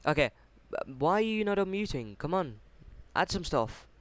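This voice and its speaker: A man's voice: sits high, sing-song, normal speed, a bit bright. A man casually retelling a fan story, hesitant and full of ums and restarts, talking into a computer mic on a voice chat. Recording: noisy home mic recording.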